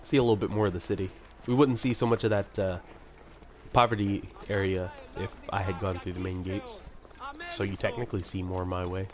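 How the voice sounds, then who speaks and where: A man's voice: low voice, fairly even intonation, brisk, darkish tone, a little hiss or hum. A man giving casual, rambling commentary while playing a video game, with chatty self-mocking asides. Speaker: let's-play commentator. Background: video game music.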